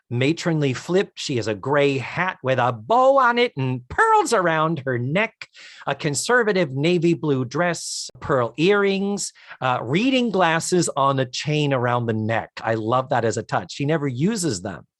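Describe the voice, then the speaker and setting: Animated male podcast co-host. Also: mid-range voice, measured pace, no echo, studio quality. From United States. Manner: animated, enthusiastic, detailed describing. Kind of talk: casual chat recapping a TV episode.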